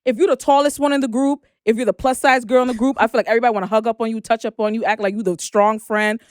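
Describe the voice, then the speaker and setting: A young woman chats as a podcast co-host with a smooth, clear, fairly high voice. She talks in an animated way and acts out her own reactions as she goes. The sound is close and dry. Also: racing, no room sound. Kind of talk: casual chat.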